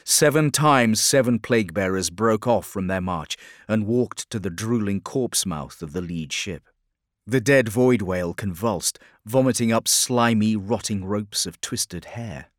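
An audiobook narrator with a voice slightly low for a man reads a scripted story in steady, measured tones with a grim, even delivery. The recording is close and dry, with no room sound.

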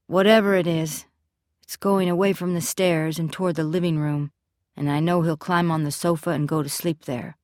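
Woman narrating an audiobook, lowish voice, steady and measured, super dry close mic. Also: no room sound. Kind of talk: scripted first-person narration.

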